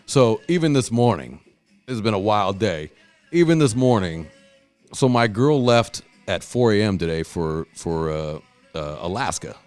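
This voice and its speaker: A man hosting a podcast, telling stories in casual chat, swearing a lot and loudly acting out what people said. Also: on the low side, expressive, measured pace, faint music behind. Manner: profane, storytelling, acts out quotes loudly. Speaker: podcast host.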